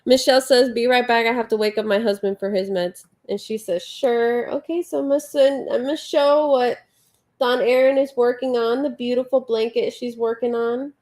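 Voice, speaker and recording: A woman's voice: a little high, steady tone, normal speed, a little mellow. Chatty woman counting crochet stitches. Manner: chatty, counts stitches aloud, reads viewer comments. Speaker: livestream host. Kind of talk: casual live chat while crocheting.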